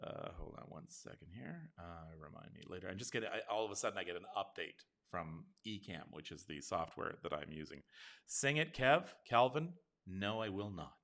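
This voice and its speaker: A middle-aged man chats casually on a live online show, reading viewer comments aloud. His voice sits a bit low but sounds bright and forward. He keeps the talk loose and conversational. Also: fairly quick, creaky, few pauses. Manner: chatty, warm-hearted, reads comments aloud. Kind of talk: casual live-stream chat.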